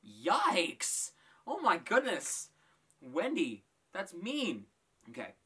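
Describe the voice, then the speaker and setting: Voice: medium pitch, wildly swooping pitch, extremely slow, sharp tone, breathy edge. A YouTuber hosting a casual reaction vlog, reading tweets aloud and reacting with frequent exclamations. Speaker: YouTuber host.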